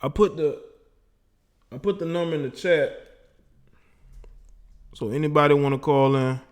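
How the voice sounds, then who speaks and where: A man's voice: fairly high pitch, unhurried. A man hosting a casual call-in livestream, boastful and laughing as he talks to his chat and callers. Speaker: livestream host taking call-ins.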